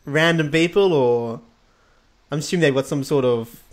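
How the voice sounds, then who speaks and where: Easygoing male interviewer, slightly high. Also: moderate pace. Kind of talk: casual interview questions.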